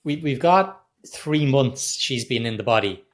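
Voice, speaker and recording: A man's voice: medium pitch, lively intonation, a little slow. A middle-aged man co-hosting a podcast, chatting casually about a film, laughing and restarting his sentences. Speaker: podcast co-host. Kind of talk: casual film review chat.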